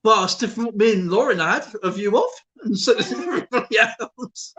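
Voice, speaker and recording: A man's voice: high voice, animated, a little fast, bright, forceful tone. A man hosting a stream in casual chat, telling rambling jokes and laughing often. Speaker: stream host.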